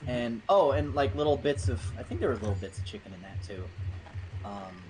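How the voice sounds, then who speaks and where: A man's voice: medium pitch, a little fast, soft background music, poor audio. Jokey man chatting casually on stream. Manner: jokey, animated storytelling. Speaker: streamer's friend. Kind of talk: casual chat.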